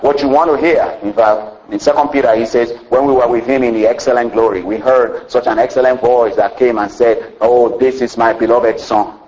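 A man's voice: mid-range voice, darkish tone, highs cut off. A man preaching a sermon with a rising and falling cadence, often saying "you know" between phrases.

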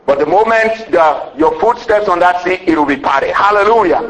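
A man preaching a sermon to a congregation, calling for amens and rising to excited shouts. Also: sits high, moderate pace, low-quality recording. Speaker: pastor.

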